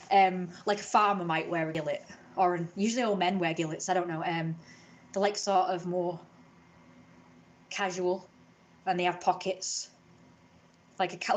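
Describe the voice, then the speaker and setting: An English woman from Britain ranting in a casual live stream from home, opinionated and indignant, swearing freely. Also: on the low side.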